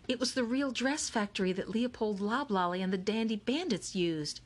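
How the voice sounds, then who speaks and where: A woman voicing a smart, bookish teenage girl who speaks softly and earnestly. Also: medium pitch, animated, moderate pace, pitched above the performer's own voice, lightly acted.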